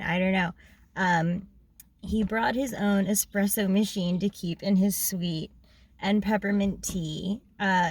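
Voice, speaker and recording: A young woman casually reading aloud from her old journal, frank and chatty, with many ums and small laughs. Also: mid-range voice.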